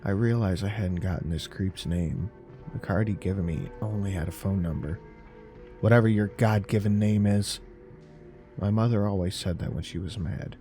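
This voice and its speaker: A man narrating a horror story in a slow, measured, deadpan way. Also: low-pitched. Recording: narration over faint music.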